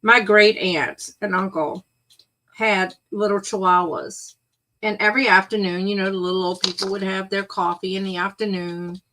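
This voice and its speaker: A woman's voice: medium pitch, steady tone, moderate pace, pushed and bright, rough recording. A middle-aged woman co-hosting a casual live-stream chat, chiming in often and telling short anecdotes. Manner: supportive, chimes in often. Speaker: co-host.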